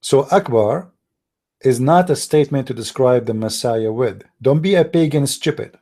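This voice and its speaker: Warm-toned and mid-range, this man's voice moves at normal speed as he hosts a call-in program. Speaking non-native English, he lectures in a heated, scornful monologue, saying the same things over again.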